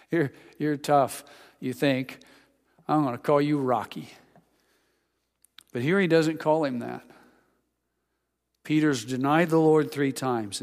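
A man preaching a sermon, telling the scripture story and acting out its voices, dropping to a hush for tender moments and building up for emphasis. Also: fairly high pitch. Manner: drops to a quiet hush for intimate lines, rises for emphasis. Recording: long hall reverb.

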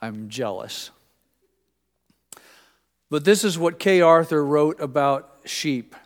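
An older man preaching a sermon to his congregation, conversational in tone with dramatic shifts from quiet to loud. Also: fairly high pitch, animated, takes it slowly. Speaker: pastor. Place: church sanctuary. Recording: long hall reverb.

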